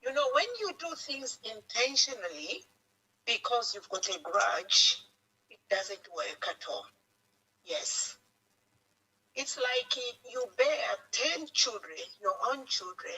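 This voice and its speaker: A woman's voice: fairly high pitch, very animated, slow pace, sharp tone. A woman from Zambia with a Zambian accent, calling in to a radio talk show anonymously and speaking in a heartfelt, pleading way, repeating herself. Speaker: anonymous caller. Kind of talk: emotional call-in comment. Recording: phone line on radio.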